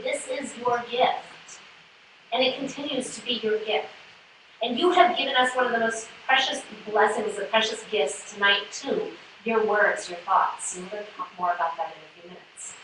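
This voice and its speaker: A woman's voice: fairly high pitch, expressive, a little slow, a bit bright, recorded from a distance, slight background noise. Tearful woman rabbi in echoey sanctuary. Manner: emotional, tearful and laughing. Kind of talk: sermon to confirmation class. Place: synagogue sanctuary.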